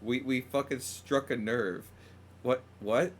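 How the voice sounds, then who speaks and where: A man with a mid-range, steady voice speaks slowly while hosting a podcast. He reads out news stories and chats in casual banter, teasing his co-host and swearing freely.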